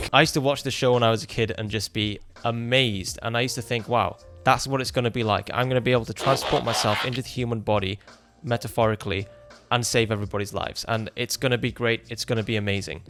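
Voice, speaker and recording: A man's voice: medium pitch, fairly even intonation, fairly quick, music in the background. A British man in his late twenties, a doctor, reacting to an old cartoon with jokes and dry sarcasm. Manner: jokey, sarcastic, upbeat. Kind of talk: casual reaction commentary. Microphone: USB dynamic mic.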